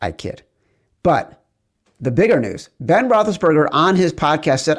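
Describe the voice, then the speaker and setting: Excitable man hosting a betting podcast. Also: medium pitch, normal speed. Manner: excitable, playful, sing-song greetings. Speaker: podcast host. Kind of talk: sports betting podcast chat.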